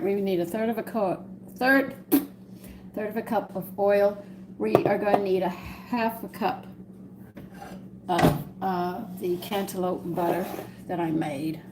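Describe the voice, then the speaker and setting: A woman's voice: mid-range voice, noisy background. A woman with a Southern US accent hosts a live-stream cooking demonstration, rambling as she chats with her viewers. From American South. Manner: chatty and rambling, talks to viewers. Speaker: home cooking host. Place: home kitchen.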